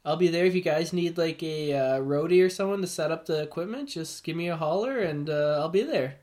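High-voiced joking Canadian co-host. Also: male voice, a little fast, darkish tone. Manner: jokey, rambling, laughs often. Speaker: podcast co-host. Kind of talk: casual podcast chat.

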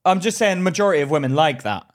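A man's voice: on the high side, expressive, quick pace. A man co-hosting a podcast, joking and defending himself in casual banter, often restarting his sentences. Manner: defensive, jokey, stammering restarts. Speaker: podcast co-host.

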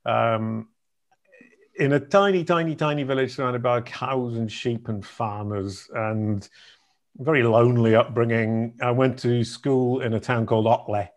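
A man's voice: medium pitch, measured pace. A middle-aged man from Yorkshire, a guest in an interview who tells his stories in a chatty, self-deprecating way. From Yorkshire, England. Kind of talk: conversational interview.

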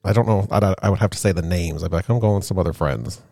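A man's voice: low-pitched, quick pace, darkish tone, no room sound. A man co-hosting a podcast in a studio, chatting in a laid-back way. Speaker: podcast co-host. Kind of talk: casual chat.

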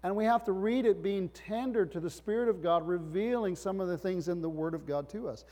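Like a pastor rousing a congregation, this middle-aged man delivers a sermon in a somewhat raised voice, punctuating rhetorical questions with emphatic bursts. He speaks briskly in a high, mellow voice, and the sound echoes with long reverb as if in a big hall.

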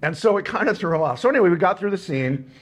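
A man's voice: high voice, animated, very fast. A sleep-deprived man telling rambling anecdotes with frequent chuckles as a guest in a casual interview. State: tired, short on sleep.

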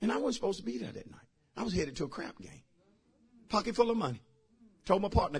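A man's voice: high-pitched, animated, fast talker, gravelly, pauses often, slightly rough. A middle-aged man, a pastor preaching a sermon with personal testimony. He talks fervently and repeats himself, addressing the congregation directly.

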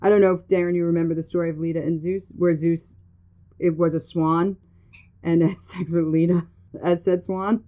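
A woman podcast host with a lowish, fairly flat voice talks at a moderate pace over a tinny, phone-like line recorded on a phone. She hosts a casual chat, telling stories jokily and giggling a lot.

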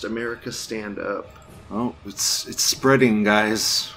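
A man's voice: on the low side, steady tone, slow, fairly bright tone, faint music behind. Crude, rambling male commentary host. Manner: crude, rambling, laughs often. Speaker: show host. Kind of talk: casual commentary.

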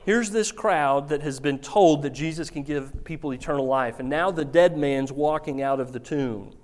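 A man preaching a sermon, telling the story with lively acted-out quotes. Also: a little high, moderate pace. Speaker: pastor.

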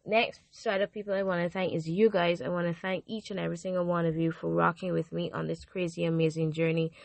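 A teenage girl hosting her own podcast, earnestly and repeatedly thanking her listeners, her voice going hoarse. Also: lowish voice, level tone, fast, dry recording. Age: teens. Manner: earnest and repetitive, gushing thanks. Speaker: podcast host. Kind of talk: casual faith podcast monologue.

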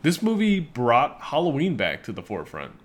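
A man's voice: medium pitch, wildly swooping pitch, normal speed. A man co-hosting a casual movie review chat, chatty, laughing often and swearing freely. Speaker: podcast co-host.

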